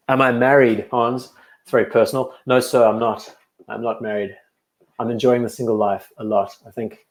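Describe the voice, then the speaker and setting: On his watch channel live stream, a young man whose accent mixes South African and English chats casually and reads out viewer comments. His middle-pitched voice is recorded in an echoey home room, and he rambles easily, fielding chat questions between watch remarks.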